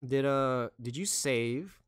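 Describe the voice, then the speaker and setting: A man's voice: medium pitch, takes it slowly, clear, resonant tone, no echo, studio quality. A man streaming a video game, chatting wryly with viewers between lines. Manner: chatty, wry, talks to chat. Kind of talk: casual game commentary. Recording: loud game music behind.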